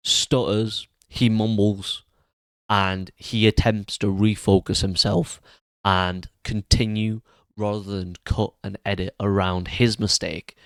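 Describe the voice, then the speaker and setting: A man's voice: fairly low pitch, dry recording. A man giving a spoken film review, blunt and earnest in his criticism.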